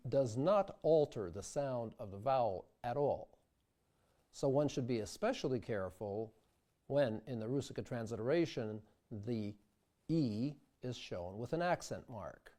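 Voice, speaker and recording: A man teaching sung diction, speaking slowly and carefully and demonstrating vowel sounds aloud. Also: mid-range voice, expressive, warm tone. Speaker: diction instructor. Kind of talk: instructional video lesson.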